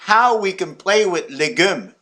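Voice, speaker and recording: Flirty teasing lady full of innuendo, quoted by a man, fairly high voice. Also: animated, a little slow, pushed and bright, heavily acted. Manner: suggestive, innuendo-laden. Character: flirty woman gardener, teasing.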